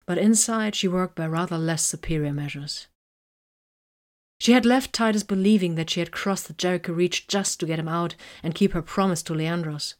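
A woman reading romantic fiction aloud in a soft, breathy voice that often drops near a whisper. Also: on the low side. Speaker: narrator.

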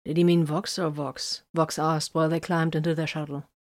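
A woman narrating an audiobook in a steady, even storytelling manner. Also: sits low, moderate pace.

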